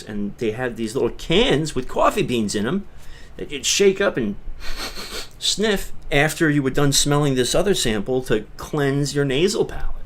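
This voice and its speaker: A man from Long Island, chatting casually on his livestream in a rambling way that swings from mutters to loud bursts. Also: mid-range voice, a little hiss or hum. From Long Island, New York. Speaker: livestream host.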